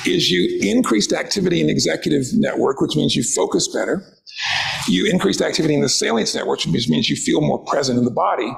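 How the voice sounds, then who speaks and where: Gravelly man leading a wellness workshop. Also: a little high, fairly quick, low-quality recording. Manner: calm, inviting, coaching listeners through exercises. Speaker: wellness presenter. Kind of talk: guided workshop presentation.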